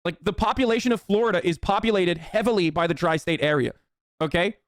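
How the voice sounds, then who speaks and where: A man's voice: high voice, fast talker, dry recording, studio quality. A man casually riffing as a streamer, reacting to posts with mocking, profane commentary.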